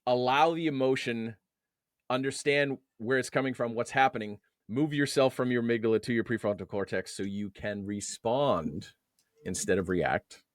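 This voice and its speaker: A man with a mid-range voice, speaking at a moderate pace, is a guest in a conversational interview. A coach on men's emotions, he explains his ideas with everyday analogies and lifts his voice on key words, in a dry, studio-quality recording.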